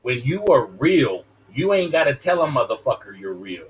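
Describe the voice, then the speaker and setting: A man's voice: medium pitch, sing-song, moderate pace, slight background noise. A man ranting heatedly on a live stream, profane and preachy, with a wrestling-promo delivery. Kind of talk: heated casual rant.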